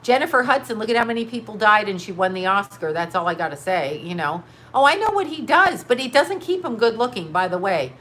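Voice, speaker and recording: A woman's voice: medium pitch, big pitch swings, fairly quick, hardly any pauses, a bit bright, slight background noise. A woman hosting a casual commentary show, rambling frankly with lots of swearing and frequent bursts of laughter. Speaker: host.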